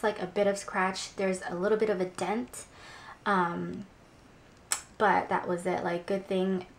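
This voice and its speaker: A woman's voice: medium pitch, slight background noise. Agitated young woman vlogger. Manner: agitated, swearing, fillers like "like". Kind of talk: casual vlog storytelling.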